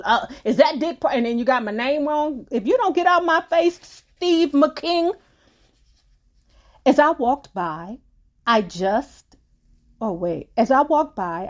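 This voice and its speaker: A woman's voice: fairly high pitch, muffled recording. A woman, reading a book aloud on her channel and breaking off for casual, chatty commentary. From United States.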